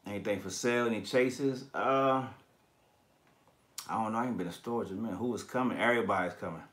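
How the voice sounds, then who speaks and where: A man's voice: on the low side, quick pace, fairly bright tone. A man hosting a collectibles channel, chatting casually on a livestream and reading viewer comments. His talk is slangy and profane, and he laughs often.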